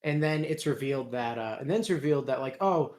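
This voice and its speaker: A man hosting a casual chat, sarcastic and quick to laugh, swearing freely. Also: mid-range voice, animated, a little mellow. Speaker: host.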